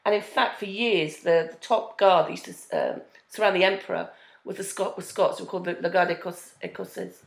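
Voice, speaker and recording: Woman co-host recapping a tv show, gravelly voice, echoey room. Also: lowish voice, steady tone, fairly quick. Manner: chatty, recaps plot, adds trivia. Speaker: podcast co-host. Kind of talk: casual chat reviewing a TV series.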